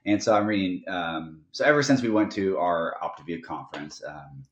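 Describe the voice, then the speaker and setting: A deep-voiced man chats casually as co-host of a live morning stream, his pitch swinging up and down as he rambles and restarts his thoughts. The sound is dull and lo-fi, with a noticeable room echo around him. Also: expressive, moderate pace. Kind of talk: casual chat. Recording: roomy, dull lo-fi livestream audio.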